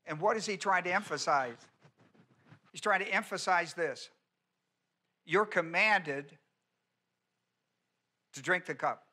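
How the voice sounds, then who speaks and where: Bright, emphatic male pastor. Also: high-pitched, takes it slowly, pauses often. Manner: emphatic teaching, repeats key words, asks the congregation questions. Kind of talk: expository sermon.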